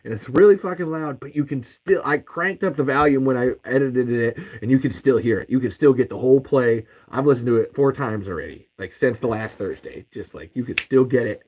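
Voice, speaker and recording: A man's voice: mid-range voice, fairly quick, hardly any pauses, darkish tone, low-quality recording. A man hosting a podcast, ranting in anger with heavy swearing and repeated curses. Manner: profane, heated, repeats curses. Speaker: podcast host. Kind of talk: angry ranting podcast monologue.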